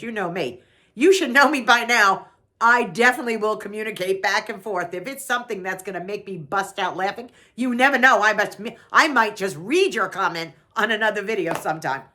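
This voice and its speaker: A woman's voice: medium pitch, bright, forceful tone. A middle-aged woman from New York, telling a funny story to her channel in a chatty way and laughing often. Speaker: vlogger. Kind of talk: casual storytelling.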